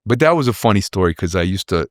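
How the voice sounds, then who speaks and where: This guest, a rapper in his forties, talks quickly and very animatedly in a low voice as he tells rambling personal stories, repeating words and acting out people's lines. It's a casual interview with clean studio sound and no room sound.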